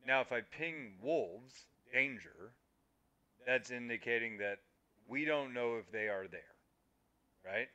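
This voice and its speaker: A man's voice: medium pitch, animated, slow pace, pauses often, bright, forceful tone, lo-fi sound. A man co-hosting a casual gaming podcast, explaining things in an emphatic way and swearing casually. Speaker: podcast co-host. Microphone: streaming microphone.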